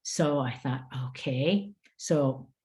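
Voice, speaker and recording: A woman's voice: a bass voice, a little slow. An older woman from the United States giving a workshop lecture to teachers, telling classroom stories with frequent fillers. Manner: lively storytelling with frequent "uh" fillers. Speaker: education presenter.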